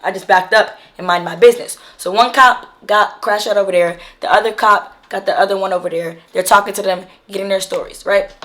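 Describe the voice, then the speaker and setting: A woman vlogger telling a story in casual chat, slangy and animated, acting out what others said. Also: medium pitch, a little fast, hardly any pauses.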